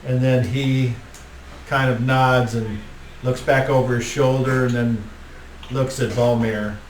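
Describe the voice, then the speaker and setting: A man's voice: medium pitch, little pitch movement, slow pace. A man narrating a tabletop game as game master, casual and rambling with lots of filler words. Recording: roomy, distant mic, faint noise.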